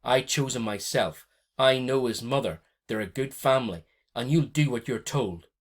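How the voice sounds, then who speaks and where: Rasping, grim old grandmother who scolds , voiced by a male reader; storybook reading. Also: mid-range voice, moderate pace, lightly acted. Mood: scolding. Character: stern old grandmother, harsh and bossy.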